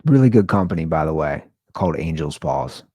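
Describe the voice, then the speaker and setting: A very low male voice with a gravelly, fry-edged texture, recorded close and dry. He hosts his own show, rambling in a somber, casual way. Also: lively intonation, brisk, mellow, dry recording. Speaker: podcast host. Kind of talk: casual solo monologue.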